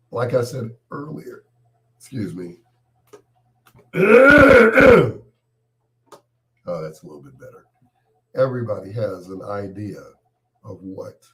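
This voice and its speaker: A male late-night radio host with a cold, his voice a little stuffed up. He talks slowly in a lowish register, joking around and teasing listeners by name in a loose, laid-back way. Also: a little mellow. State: has a cold, congested voice.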